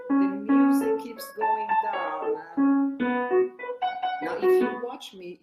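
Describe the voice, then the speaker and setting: An older woman with a lowish voice demonstrates a piano lesson, explaining while she plays and restarting haltingly. The room is echoey, and the piano is loud in the background.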